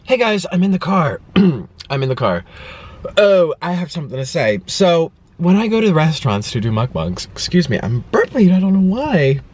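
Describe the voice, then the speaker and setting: A man's voice: fairly high pitch, sing-song, moderate pace, a little mellow, slight background noise. A young man chatting to camera from his car, telling a story with lots of acted-out quotes. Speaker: food vlogger. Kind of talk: casual chat to camera.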